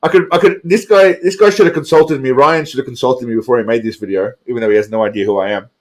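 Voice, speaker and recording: A man's voice: mid-range voice, fast, a little mellow. A tipsy man hosting a casual live stream, rambling, profane and repeating himself.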